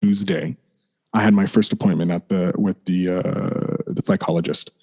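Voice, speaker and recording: Low, mellow-voiced man telling his story. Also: steady tone, normal speed. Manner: rambling, leans on fillers like "like" and restarts; apologizes for swearing. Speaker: podcast guest. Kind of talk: candid personal storytelling.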